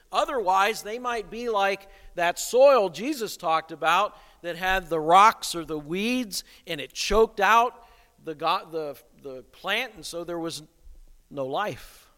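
A man's voice: sits high, bright, forceful tone. A man preaching a sermon, emphatic and posing rhetorical questions to the congregation. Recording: long reverb of a hall.

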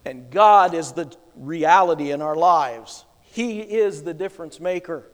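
High-voiced preacher in a hall. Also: male voice, unhurried. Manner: emphatic preaching with wide swings in loudness. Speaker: pastor. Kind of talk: sermon.

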